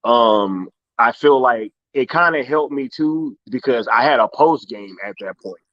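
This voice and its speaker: Relaxed male host from Inglewood, California, slangy, chuckling, muffled lo-fi mic. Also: medium pitch, measured pace, no room sound. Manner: laid-back, laughs often, heavy slang. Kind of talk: casual live-stream chat.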